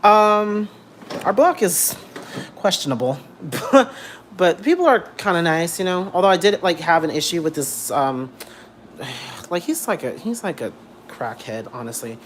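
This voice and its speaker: A young man vlogging from home in a casual rant, animated and blunt, repeating himself and swearing freely. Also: sits high, a little slow, a little hiss or hum. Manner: animated, repetitive, blunt and profane.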